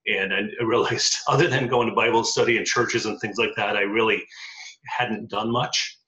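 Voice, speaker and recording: With a fairly low, steady voice that sounds pushed and bright, this middle-aged man talks at a normal pace while recounting his life story casually in an interview, filling it with ums and uhs. The recording is lo-fi and dull, captured in an echoey space.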